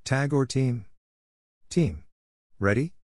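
A man's voice: mid-range voice, lively intonation, takes it slowly, darkish tone, no echo, studio quality, voice pushed up. A man voicing a cool, cocky young male fighter who banters in casual slang. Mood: calm.

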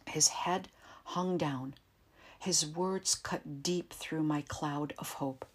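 Low husky lady reading a tense first-person story slowly and quietly. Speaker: narrator. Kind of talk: first-person audiobook narration.

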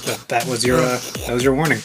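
A man co-hosting a casual podcast, cracking quick jokes and laughing often. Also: mid-range voice, level tone, over loud music. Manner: joking, quick quips, frequent laughter. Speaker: podcast co-host. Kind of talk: casual banter.

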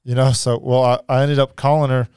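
Man, mellow dark voice, very clear, dry close mic, halting storytelling. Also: medium pitch, flat delivery, no room sound. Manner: halting, many fillers and restarts. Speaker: podcast guest. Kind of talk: personal storytelling.

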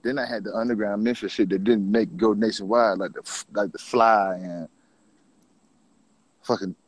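A man's voice: on the low side, steady tone, normal speed, no room sound. A man in casual conversation, telling stories about rap music in a laid-back, slangy way with plenty of swearing.

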